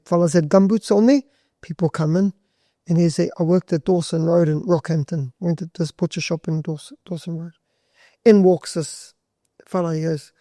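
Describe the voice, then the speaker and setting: A man's voice: high voice, warm tone, no room sound, clean studio sound. A man, a butcher and guest on a podcast, telling stories in a rambling, casual way with plenty of swearing. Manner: rambling, swears freely, restarts sentences. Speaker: butcher and charity walker, guest. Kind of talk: casual storytelling.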